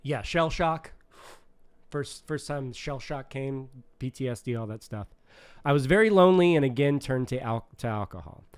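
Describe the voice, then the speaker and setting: A man's voice: medium pitch, lively intonation, moderate pace, clear, resonant tone, no echo. A young man co-hosting a casual podcast, reading a book aloud and stopping to explain, laughing often. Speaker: podcast co-host.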